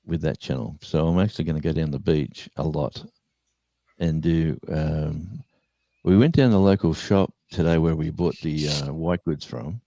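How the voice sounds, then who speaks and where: Gravelly low Australian older man. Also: normal speed, warm tone, no room sound. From New South Wales, Australia. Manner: rambling, self-correcting, chatty storytelling. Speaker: livestream co-host. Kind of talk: casual live-stream chat.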